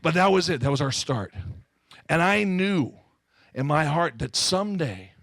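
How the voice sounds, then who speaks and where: A man from Southern California telling his life story to an audience, animated and full of self-mocking humor. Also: a little high, unhurried, no echo, clean studio sound. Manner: animated storytelling, acting out quoted voices. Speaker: speaker giving his testimony. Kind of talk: testimony to a live audience.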